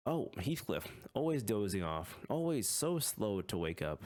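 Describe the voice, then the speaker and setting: Animated man reading game text. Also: fairly low pitch, slow, long pauses. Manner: animated, jokey, dramatic reading. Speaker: gaming YouTuber.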